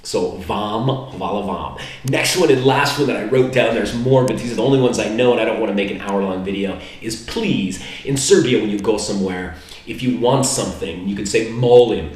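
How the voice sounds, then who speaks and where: Low-voiced man teaching simple phrases in a relaxed ramble, recorded from across an echoey room. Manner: relaxed, rambling, slows down to spell out foreign words. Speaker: language learner teaching basic phrases. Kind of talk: casual vlog lesson. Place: indoor room in Serbia. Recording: very echoey room, mic far off.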